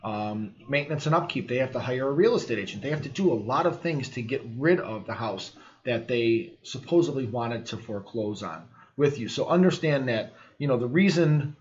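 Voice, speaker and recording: A man's voice: medium pitch, expressive, normal speed. A man hosting a podcast, talking casually with plenty of fillers and encouraging listeners. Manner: conversational, filler-heavy, encouraging. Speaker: podcast host. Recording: slightly muffled podcast audio.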